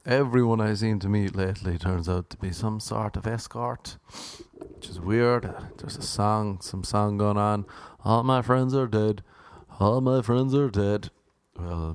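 Wry man rambling on his podcast. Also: fairly low pitch. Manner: wry, rambling storyteller with deadpan asides. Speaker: podcast host. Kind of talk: casual comedic monologue.

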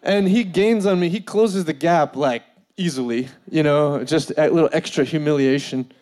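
Man, comic storyteller, fairly high voice, animated, laughs between lines. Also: moderate pace. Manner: animated, filler-heavy, laughing through the telling. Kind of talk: comedic storytelling.

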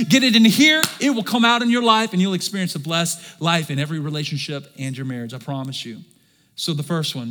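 Male pastor, high bright voice, preaching with a big dynamic range, long hall reverb. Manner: swings from soft and low to loud and emphatic, calls for congregation response. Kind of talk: sermon. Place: large church hall.

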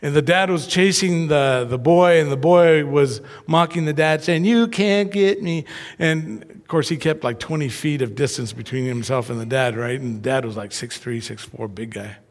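A man preaching a sermon, telling personal stories with lively acted-out voices. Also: mid-range voice, moderate pace, few pauses, long reverb tail. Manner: animated storyteller who acts out voices. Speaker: pastor.

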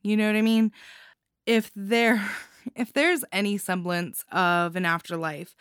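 A woman giving casual spoken reviews of anthology stories, giddy and quick to laugh, sometimes stumbling over her words. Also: medium pitch, steady tone, fairly bright tone, clear, resonant tone, dry recording, clean studio sound.

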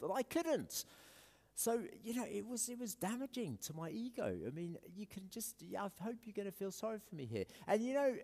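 Lively man preaching in an echoey hall. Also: a little high. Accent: English. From South Africa. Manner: conversational, self-deprecating with many fillers and restarts. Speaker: pastor. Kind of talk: sermon. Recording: echoey hall with long reverb.

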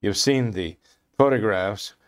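Emphatic man clearing his throat. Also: on the low side, a little slow. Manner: impassioned, emphatic, repeats phrases for stress. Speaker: commentator. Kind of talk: religious commentary discussion.

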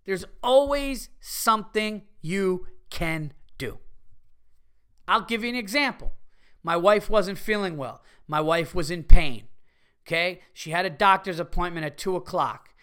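A middle-aged man hosting a casual comedy podcast, ranting profanely and excitably as he reads listener emails. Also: sits high, moderate pace, clean tone. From Italian-American heritage.

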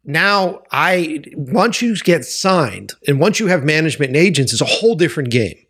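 A man's voice: fairly high pitch, very animated, moderate pace, a bit bright, slightly rough. A man from Boston hosting a podcast, telling a candid story with lots of swearing and emphasis. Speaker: podcast host. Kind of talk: candid interview chat.

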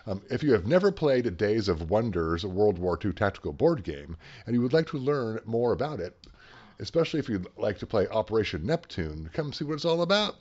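A man's voice: fairly low pitch, sing-song, fairly quick, darkish tone. A man co-hosting a podcast, casually reading out event listings with dry, joking asides. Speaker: podcast co-host. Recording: dull lo-fi sound.

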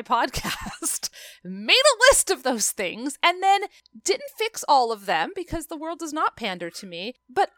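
A woman in her thirties talks through a movie on a podcast, effusive and animated, slipping into quoted lines. Her voice is bright and crisp, a little higher than most. The sound is dry and close. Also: no room sound. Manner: effusive, quick shifts in pitch, acts out quotes. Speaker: podcast co-host. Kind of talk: casual movie review chat.

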